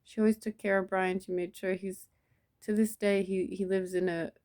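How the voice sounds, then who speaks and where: A woman telling a personal memory in a soft, reflective way, with many pauses and restarts. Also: mid-range voice, level tone. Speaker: vlogger. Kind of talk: personal storytelling to camera.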